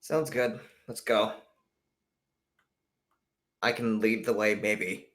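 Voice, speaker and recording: Bright-voiced, joking man at a game table. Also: fairly low pitch, steady tone, slow, pauses often. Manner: joking, stammering restarts. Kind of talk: casual game chat.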